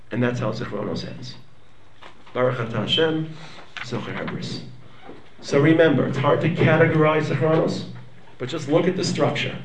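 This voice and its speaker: High-voiced male rabbi teaching, dramatic, murmurs to near-shouts, roomy distant mic. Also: brisk. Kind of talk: animated Torah lecture.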